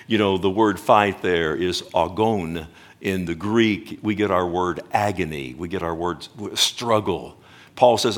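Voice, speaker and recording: A man preaching a sermon emphatically, often slowing down to stress words and calling out to his listeners directly. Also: low-pitched. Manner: emphatic, swings between loud and hushed, addresses the congregation directly. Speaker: pastor.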